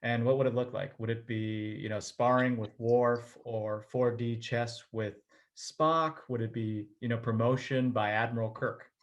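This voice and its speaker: A man hosting an interview over a video call, asking questions and reacting with quick exclamations. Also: mid-range voice, fairly even intonation. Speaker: interview host.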